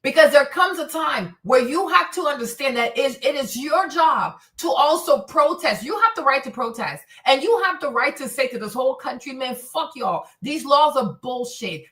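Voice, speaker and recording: A woman's voice: high voice, a bit bright. A woman hosting a streaming commentary show, ranting indignantly, swearing often and repeating her phrases. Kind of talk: heated commentary rant. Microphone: streaming setup mic.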